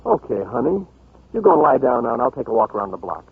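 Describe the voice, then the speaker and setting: An actor playing a simple, good-natured rancher from Montana, cheerful and folksy, in 1940s radio-acting style on a dull lo-fi old broadcast. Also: male voice, mid-range voice, sing-song, fast talker, gravelly, slightly rough, heavily acted. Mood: concerned.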